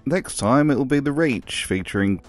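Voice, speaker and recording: A man's voice: mid-range voice, expressive, moderate pace, very noisy. Dry-humoured man narrating. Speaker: video narrator. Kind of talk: scripted narration.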